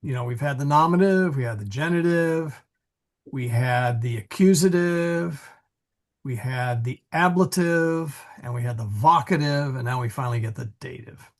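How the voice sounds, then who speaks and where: A man's voice: mid-range voice, moderate pace. A man leading an online Latin reading group, explaining grammar patiently and correcting himself as he goes. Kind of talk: casual online class.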